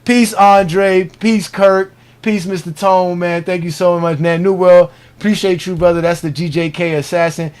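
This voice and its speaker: A man's voice: high-pitched, fairly even intonation, normal speed, hardly any pauses, a little mellow, clear, resonant tone. A middle-aged man from Miami hosting a live online show, talking loosely, joking and giving preachy advice. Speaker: host. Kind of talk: casual live show chat.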